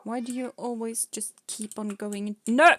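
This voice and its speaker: A woman's voice: a little high, fairly even intonation, moderate pace, fairly bright tone, no room sound. A young woman streaming a game, chatting casually and playfully, often laughing and scolding her pet cats. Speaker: vtuber streamer.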